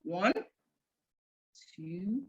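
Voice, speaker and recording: This woman's voice sits fairly low, expressive, with drawn-out words. She runs a live-stream parenting quiz, playfully chatting, counting out loud and ribbing the audience, all captured in dull lo-fi stream audio.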